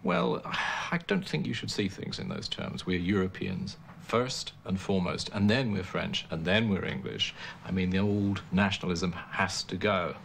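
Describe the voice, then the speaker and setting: Brief: a smooth, measured official, slightly low voice, faint hiss behind. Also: male voice, fairly bright tone. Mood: firm. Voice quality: measured, polite but firm. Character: smooth male European official, businesslike. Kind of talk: TV comedy acting.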